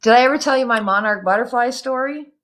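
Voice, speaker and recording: A woman hosting a casual spiritual chat, telling stories in a lively way, swearing freely and laughing often. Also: fairly high pitch, fast. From Canada. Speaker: host.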